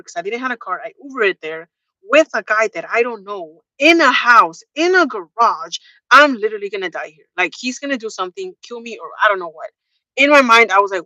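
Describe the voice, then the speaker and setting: A woman's voice: on the high side, animated, brisk, sharp tone, no room sound, rough recording. A young woman vlogging a candid personal storytime, chatty and open, spelling out swear words. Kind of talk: casual storytime.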